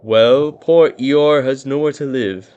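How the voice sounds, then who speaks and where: A man voicing a gentle, simple-minded bear cub who talks cheerfully and gets a bit muddled, humming his songs. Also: medium pitch, slow, smooth, lo-fi sound, lightly acted.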